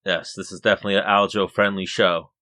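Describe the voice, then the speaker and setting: A man's voice: low-pitched, level tone, fast, bright, forceful tone. A man hosting a casual podcast chat, telling stories and running through fight matchups. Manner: storytelling, introduces fight matchups. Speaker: podcast host.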